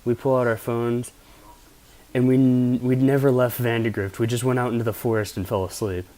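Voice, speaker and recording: A man's voice: mid-range voice, little pitch movement, fairly quick, mellow. A young man from Pennsylvania casually telling rambling, profane stories as a vlogger. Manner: rambling, profane, laid-back anecdotes. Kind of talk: casual storytelling.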